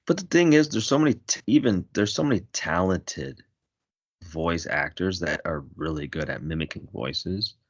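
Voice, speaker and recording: A man's voice: low-pitched, lively intonation, moderate pace, no room sound. A man co-hosting a casual podcast who rambles with many fillers. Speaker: podcast co-host. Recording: dry, dull lo-fi mic.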